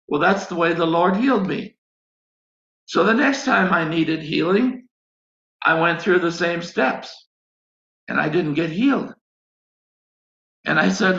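In an echoey, dull lo-fi recording, a preacher gives a sermon testimony, recounting a personal story and acting out his prayers. His voice is a little high, gravelly, pushed and bright.

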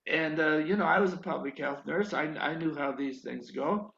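An older man preaching a sermon, telling his own story in a slow, drawn-out, emphatic way. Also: fairly high pitch, creaky, fairly bright tone. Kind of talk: sermon with personal testimony. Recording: echoey, dull lo-fi recording.

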